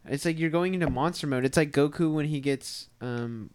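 Young dude on a podcast, kinda high smooth voice, rambles with lots of likes and ums. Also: male voice, normal speed, darkish tone. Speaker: podcast co-host. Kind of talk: casual chat.

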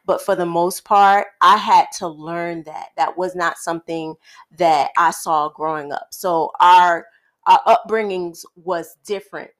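Woman co-host, low voice, thoughtful and measured, casual chat delivery. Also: fairly even intonation. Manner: thoughtful, measured, with many "um" pauses. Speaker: podcast co-host.

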